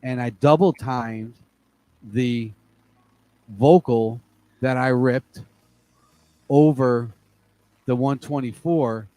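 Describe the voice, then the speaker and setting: A man's voice: medium pitch, slow, pauses often, mellow, no room sound, rough recording. A middle-aged man, a DJ and remixer, chatting casually and telling stories with a bit of swearing and frequent check-ins. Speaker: DJ and remixer guest. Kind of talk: casual chat.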